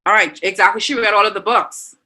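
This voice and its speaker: A woman teacher with a Bahamian accent, leading an online class and warmly reading out and praising students' answers. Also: medium pitch, fairly even intonation, brisk, poor audio. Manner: encouraging, reads students' answers aloud with frequent praise.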